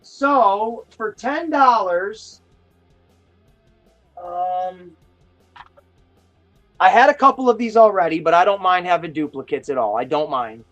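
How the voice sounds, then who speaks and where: Man, high voice, casual stream host, rambling and excitable, faint music behind. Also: slow pace, long pauses, lo-fi sound. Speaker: host of a toy chat live stream. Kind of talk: casual chat.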